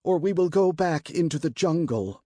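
A man voicing a calm, firm young priestess with a high, clear voice and measured, firm speech in an audiobook. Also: no echo, clean studio sound.

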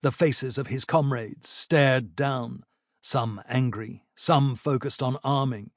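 A man narrating a fantasy battle audiobook in a measured, even storytelling manner. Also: mid-range voice, no room sound, clean studio sound.

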